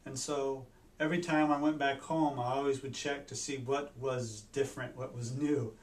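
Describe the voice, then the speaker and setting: A man, a doctor, telling a personal story in an earnest, halting way, with many restarts. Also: mid-range voice, steady tone. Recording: echoey room, mic at a distance.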